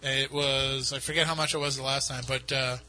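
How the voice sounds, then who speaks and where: A man's voice: mid-range voice, flat delivery, a little fast, pushed and bright, a little hiss or hum, rough recording. A man hosting a casual radio talk show, rambling and poking fun at himself. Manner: rambling, self-mocking. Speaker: podcast host.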